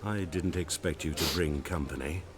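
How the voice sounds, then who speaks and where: An actor playing a wary, businesslike grain merchant in a video game, speaking stiffly and formally. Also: male voice, rumbling low, normal speed.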